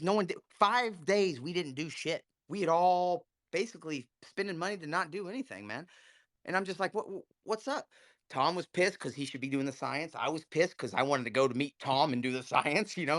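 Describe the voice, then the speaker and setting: A man telling a heated story, full of swearing, in a casual live audio chat. His pitch swings widely as he gets worked up, and the sound is close and dry with no room echo. He talks over an online call. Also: fairly bright tone. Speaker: guest speaker.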